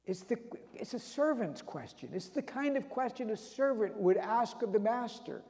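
A man preaching a dramatic sermon, retelling a story with swings between loud and hushed delivery. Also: very high-pitched, animated, normal speed. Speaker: pastor. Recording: long reverb of a large hall.

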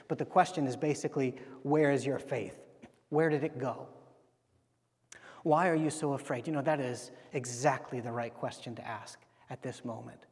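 A male pastor with a high voice delivers a sermon in a casual, talking-to-you way. He keeps asking rhetorical questions and briefly acts out the voices in the story. The sound rings with a long reverb, as in a large hall.

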